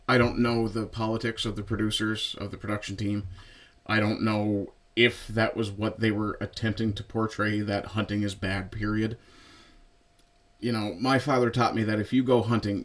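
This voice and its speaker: A man with a somewhat low voice talks through a film in an easygoing, chatty review. He meanders, pauses on fillers and adds small asides as he goes. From Newfoundland, Canada. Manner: relaxed and conversational, with frequent fillers and asides. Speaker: movie reviewer. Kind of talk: casual spoken film review.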